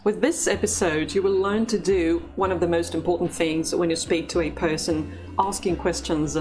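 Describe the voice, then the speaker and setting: A woman teaching a language lesson, speaking slowly and carefully in an encouraging instructional tone. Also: on the low side, fairly even intonation, over music.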